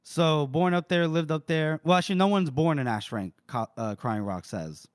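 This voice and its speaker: A man's voice: on the high side, moderate pace, smooth, no echo, studio quality. A man co-hosting a podcast, casually retelling a novel's plot with frequent laughs and loose fillers. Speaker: podcast co-host. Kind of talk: casual book recap.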